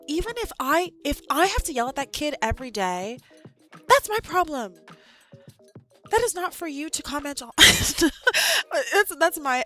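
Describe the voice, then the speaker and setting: A young woman, an art teacher, chatting casually on a livestream in an animated, exasperated way. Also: mid-range voice. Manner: animated, exasperated ranting with laughs.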